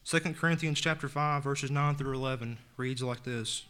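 Male preacher, mid-pitched, earnest sermon delivery, scripture reading. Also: moderate pace, hardly any pauses, bright, forceful tone, smooth. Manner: earnest, reads scripture aloud and retells it in plain words.

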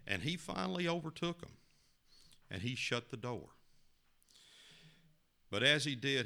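A man telling a parable as a sermon, folksy and expressive, with sudden rises in pitch and loudness. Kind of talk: sermon storytelling.

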